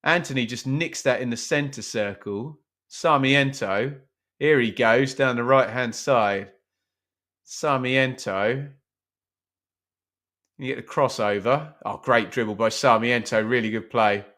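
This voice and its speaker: A man at medium pitch, fairly bright in tone, speaks at normal speed with barely a pause. Hosting a live football watch-along, he keeps things chatty, self-deprecating, and responsive, reading viewer comments aloud.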